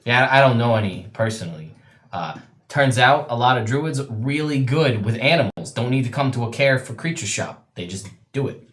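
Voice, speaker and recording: A man acting as dungeon master, narrating a tabletop game in a relaxed, joking way with many fillers. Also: medium pitch, moderate pace.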